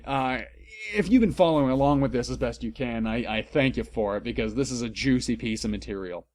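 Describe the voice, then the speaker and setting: A man's voice: medium pitch, a little fast, darkish tone. Wry man reading aloud with comedic asides. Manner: wry, self-deprecating, stumbling asides. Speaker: comedic reader.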